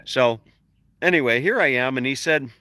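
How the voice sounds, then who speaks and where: A man's voice: mid-range voice, moderate pace, pushed and bright, no echo. A man vlogging about his travels, rambling through a chuckling anecdote with many fillers. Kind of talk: casual storytelling to camera.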